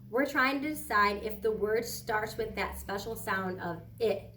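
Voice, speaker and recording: A woman teaching a recorded kindergarten phonics lesson, talking slowly and patiently and drawing words out so children can hear the sounds. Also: mid-range voice, pushed and bright, far from the mic, slight background noise.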